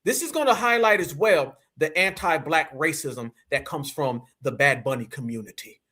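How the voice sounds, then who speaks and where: A man's voice: fairly high pitch, animated, moderate pace, bright, forceful tone. An American man hosting a live stream, giving incredulous, slangy and mocking reaction commentary. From United States.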